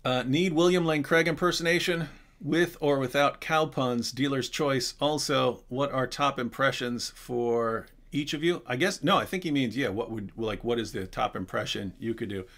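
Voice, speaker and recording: Bright, animated male live-stream host. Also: medium pitch, normal speed. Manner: animated, chatty, frequent restarts and asides. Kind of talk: casual live Q&A chat.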